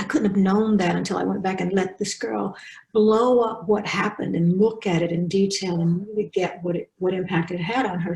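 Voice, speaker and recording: A woman teaching a writing webinar, talking quickly and animatedly with frequent restarts. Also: medium pitch, creaky, roomy sound, poor audio. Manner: fast, animated, with many restarts. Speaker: faculty webinar speaker.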